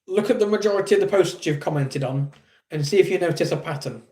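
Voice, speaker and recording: A man's voice: high-pitched, fast, darkish tone. An English man hosting a casual livestream, reading viewers' chat aloud and answering with blunt, teasing remarks. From England. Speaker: livestream host.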